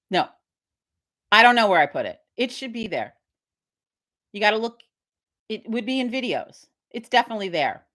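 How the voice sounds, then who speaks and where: A woman's voice: on the low side, a bit bright. Chatty profane woman on a morning stream. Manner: rambling, profane storytelling with quoted voices. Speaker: host of a live witch community stream. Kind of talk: casual livestream chat.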